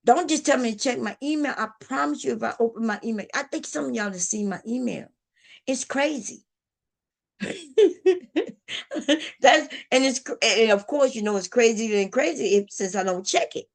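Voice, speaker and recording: A woman's voice: fairly high pitch, moderate pace, gravelly. A woman hosting a casual livestream, chatting to her viewers in a talkative, repetitive way. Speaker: livestream host.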